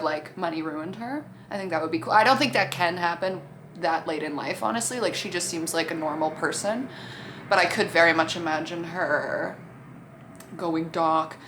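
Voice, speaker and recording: A woman reviewing a TV show speaks casually to her camera, chatty and profane, and acts out what the characters said. Her voice is on the low side with a fairly bright tone, and there's a little hiss or hum.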